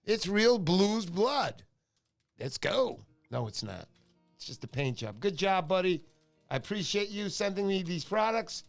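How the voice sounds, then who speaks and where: A man's voice: sits high, animated, normal speed, creaky, soft background music. A middle-aged man hosting a casual livestream, joking and greeting viewers by name. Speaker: livestream host.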